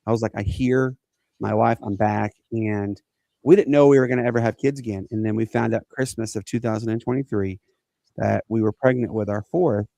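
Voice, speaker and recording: A man, co-hosting a podcast and telling a personal story in an earnest, halting way. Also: fairly low pitch, steady tone, gravelly, dark tone, dry recording. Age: 40s. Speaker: podcast co-host.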